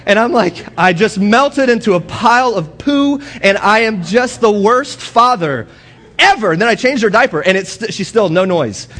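A young man giving a casual sermon in a church, telling personal stories and mimicking arguments in a raised voice. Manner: animated storytelling, mimics quarrels in a high voice. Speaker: guest speaker. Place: church hall.

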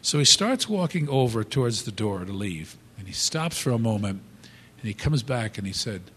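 A man's voice: lowish voice, slightly rough. Man telling a story in a reverberant hall. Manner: halting, many restarts, animated. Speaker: speaker. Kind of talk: motivational storytelling talk.

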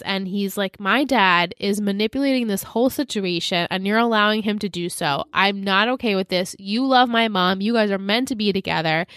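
A woman's voice: medium pitch, fairly bright tone, dry recording. Chatty woman recapping scenes, dry sound. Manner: recaps scenes briefly acting out characters' lines. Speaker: podcast co-host. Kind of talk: casual recap chat.

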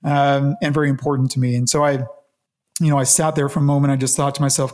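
A man being interviewed, recounting a personal story in an earnest, reflective way with halting restarts. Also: mid-range voice, little pitch movement, a little mellow. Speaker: interview guest.

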